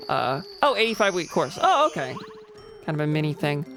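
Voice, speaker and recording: A woman's voice: sits low, sing-song, a little fast, a bit bright, faint music behind. A young woman streaming a game from home, chatting casually and reading messages from chat aloud in a rambling way. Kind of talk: casual live-stream chat while gaming. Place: home room with a vocal booth beside her.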